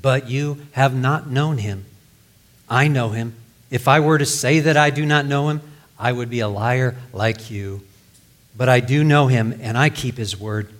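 A man's voice: medium pitch, measured pace. A man preaching a sermon, reading scripture aloud and explaining it in plain words. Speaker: pastor.

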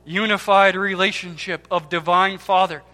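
A man preaching a sermon with impassioned swings between loud cries and hushed, near-whispered words, repeating key words for emphasis. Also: high voice, fairly even intonation, normal speed. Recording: long hall reverb with faint music.

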